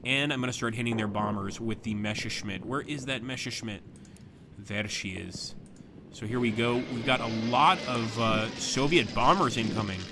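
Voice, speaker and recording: A man commentating his own live stream of a strategy game, chatting to viewers as he plans moves, with sudden bursts of excitement. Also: mid-range voice, normal speed, background noise.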